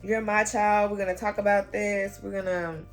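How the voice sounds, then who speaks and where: A woman voicing her stern, impatient mother, raising her voice higher to scold. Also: little pitch movement, moderate pace, faint music behind, lightly acted. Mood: firm. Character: exasperated, stern mother, fed up and blunt.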